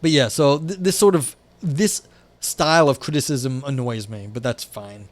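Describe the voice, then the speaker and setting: A young man streams live from indoors at a desk by a window, reading philosophy aloud and reacting with profane, wry remarks riddled with "like" and restarts. He speaks at normal speed in a medium-pitched voice.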